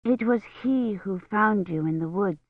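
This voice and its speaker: A woman reading a careful, soft-spoken noblewoman. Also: medium pitch, a little slow, no echo, phone-quality sound, close to an everyday voice. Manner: careful, hushed speech.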